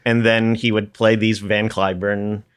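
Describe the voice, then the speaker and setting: A middle-aged man from the Philadelphia area, a piano educator, reminiscing as a podcast guest with many fillers and soft chuckles. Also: fairly low pitch, little pitch movement, unhurried, clean tone. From Philadelphia area, United States. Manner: rambling, many fillers, tags sentences with "there"; chuckles through his stories. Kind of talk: casual reminiscing conversation.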